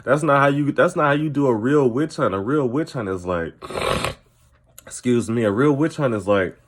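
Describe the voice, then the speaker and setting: A man's voice: medium pitch, lively intonation, moderate pace. A man recapping a reality TV episode to camera, blunt and profane in an opinionated, casual way. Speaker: TV recap commentator.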